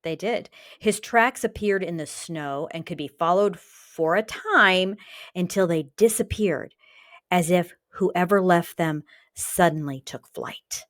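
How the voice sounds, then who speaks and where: A woman co-hosting a podcast, telling the story with wry, deadpan jokes. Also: on the low side, takes it slowly, no room sound, studio quality. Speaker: podcast co-host. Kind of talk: casual storytelling chat.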